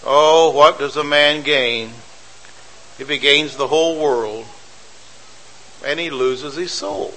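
A male preacher delivering a sermon in a bright, forceful voice pitched a little high. He drives his points home by repeating phrases and firing off rhetorical questions. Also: slow pace, long pauses, a little hiss or hum, low-quality recording.

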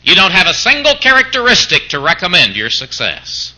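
A man's voice: high-pitched, wildly swooping pitch, fairly quick, sharp tone, low-quality recording. A man preaching a sermon who keeps throwing out mock-incredulous rhetorical questions, as if arguing back in the voice of a doubter.

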